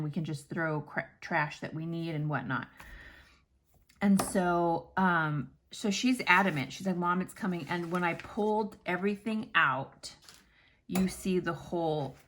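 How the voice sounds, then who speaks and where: A planner vlogger with a low voice chats and tells stories while crafting. She rambles animatedly and swears casually.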